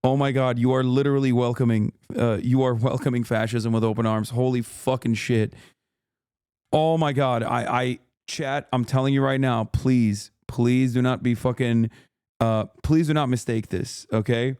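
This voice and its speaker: A man's voice: medium pitch, fairly even intonation, moderate pace, darkish tone, clean tone, no room sound, studio quality. A man streaming live, reacting to the news in a profane, exasperated rant to his chat.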